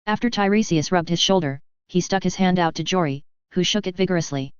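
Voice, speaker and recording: A woman narrates a story in a steady, even way. Her voice sits low and is very smooth. The recording is dry and a little dull, like lo-fi audio. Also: fairly quick, few pauses, dry recording. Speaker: fan fiction reader.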